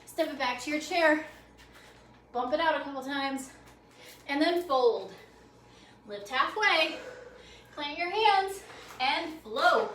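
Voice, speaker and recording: A woman's voice: sits high, animated, takes it slowly, pauses often, fairly bright tone. A woman yoga instructor calling out poses in a guided class, upbeat, playful and encouraging, slightly out of breath. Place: library program room. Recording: echoey room, mic at a distance, faint noise.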